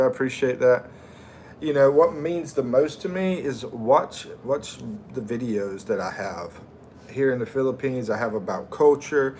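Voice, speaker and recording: A middle-aged American man chats slowly and easily on a livestream, greeting viewers by name as he reads their comments. His voice sits at an ordinary pitch, with faint ambient noise in the background. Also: darkish tone. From United States. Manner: slow, friendly, reads viewer names aloud. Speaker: livestream host. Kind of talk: casual livestream chat reading comments.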